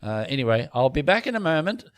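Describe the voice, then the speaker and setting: A man's voice: high-pitched, a little fast, bright, forceful tone, pitched above the performer's own voice. A man doing a pompous posh scientist. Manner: haughty, flustered, self-important.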